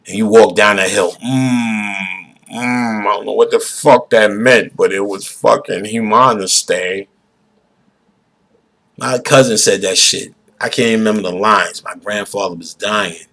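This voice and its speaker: A man holds forth in a casual, profane monologue. His voice is husky and lowish, and he is emphatic and preachy, breaking into loud outbursts. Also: measured pace, poor audio. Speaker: podcast host.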